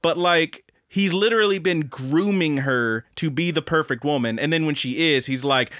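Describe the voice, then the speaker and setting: A young man co-hosting a casual podcast, animated and profane, who acts out quoted lines in high, mocking voices. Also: moderate pace, hardly any pauses, no echo, studio quality. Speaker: podcast co-host.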